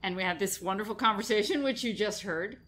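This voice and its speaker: A woman's voice: medium pitch, fast talker, fairly bright tone. A woman with a New York accent, hosting a radio food show in casual chat, talking about a recipe and laughing easily. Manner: chatty, laughs easily, lists ingredients. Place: radio studio.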